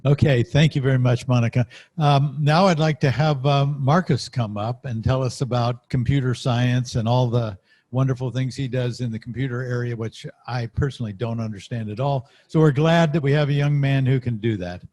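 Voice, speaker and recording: A man's voice: mid-range voice, steady tone, moderate pace, darkish tone. A man emceeing an award celebration in an easygoing, joking way as he calls up speakers. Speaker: event host.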